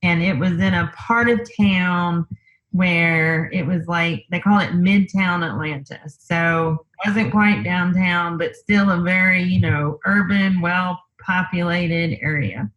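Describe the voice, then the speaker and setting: Woman guest talking real slow and easy, lots of "you know" and "like", kinda muffled audio. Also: on the low side, fairly bright tone. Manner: unhurried, thinks aloud with many fillers. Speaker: interview guest. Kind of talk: casual conversational storytelling.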